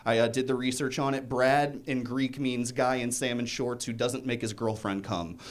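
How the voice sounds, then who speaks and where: A man's voice: medium pitch, fairly even intonation, moderate pace. A young man doing a stand-up set in a comedy club, self-deprecating and rambling, chuckling between jokes.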